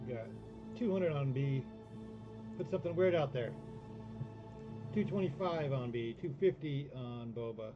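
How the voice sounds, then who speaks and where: A man's voice: mid-range voice, lively intonation, a little slow, pauses often, lo-fi sound, over music. A man co-hosting a live auction stream, easygoing, greeting viewers and reading out bids. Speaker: auction co-host.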